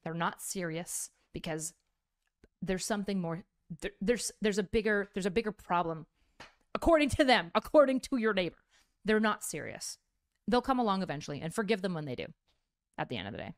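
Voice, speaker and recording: A woman's voice: on the low side, animated, fairly quick. Blunt, profane woman streamer. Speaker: content creator. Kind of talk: clip of casual stream talk.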